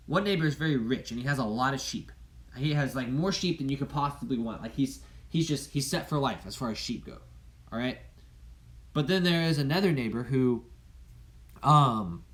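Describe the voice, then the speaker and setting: A male teacher gives a Bible lesson to high schoolers in a casual, chatty manner. He tells the story with animation and fills his talk with fillers. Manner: casual and conversational, with many fillers.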